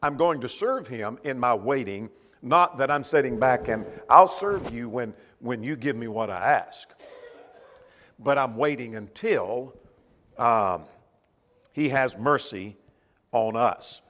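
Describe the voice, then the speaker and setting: A man's voice: mid-range voice, lively intonation, slow, fairly bright tone, long reverb tail, slight background noise. A man teaching a church Bible class in a conversational way, asking the class questions as he goes.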